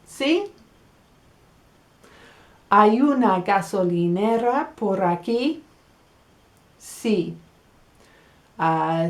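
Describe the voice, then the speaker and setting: A woman with an English accent teaching a Spanish lesson, speaking slowly and repeating words so learners can practise them. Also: mid-range voice, a little mellow, roomy sound. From England. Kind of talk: language lesson.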